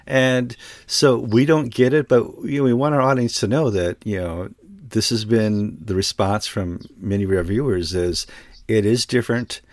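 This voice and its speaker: A man's voice: on the low side, normal speed, dry recording. A man co-hosting a casual discussion, speaking in a wry, joking way. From United States. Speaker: co-host.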